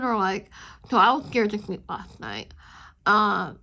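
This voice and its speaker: A woman chatting casually with viewers while she inks a drawing, rambling and chatty, with a high squeaky voice. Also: slow pace, vocal fry, pushed and bright. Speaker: art channel host.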